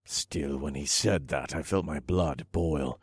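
A man reading a novel aloud in measured first-person narration. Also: rumbling low, slightly rough, no echo, studio quality. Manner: steady, measured storytelling. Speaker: audiobook narrator.

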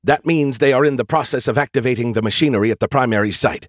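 A man's voice: mid-range voice, fast talker, no room sound, studio quality, pitched above the performer's own voice, natural voice. A man voicing an arrogant, snarky male AI hologram in an audiobook, talking in urgent, clipped, formal sentences.

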